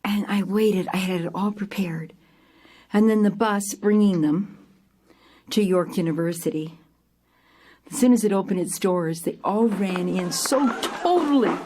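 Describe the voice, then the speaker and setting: An older woman telling a personal story to an audience, lively and animated, acting out scenes with sudden jumps in pitch and loudness. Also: moderate pace. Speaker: theater company founder telling her story.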